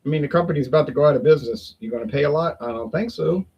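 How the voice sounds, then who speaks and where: Casting: gravelly, husky-voiced man, rambling folksy vlog chat at home. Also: fairly high pitch, very fast, highs cut off. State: sweating in the heat. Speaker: beer review vlogger. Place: home in Toronto, windows open.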